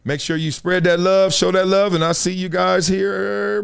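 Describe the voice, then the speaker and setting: A man hosting a casual livestream of sports commentary, talking in an animated, playful way and laughing often. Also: brisk, gravelly, hardly any pauses, clean tone. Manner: animated, playful, laughing, jumps between high and low tones. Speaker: host.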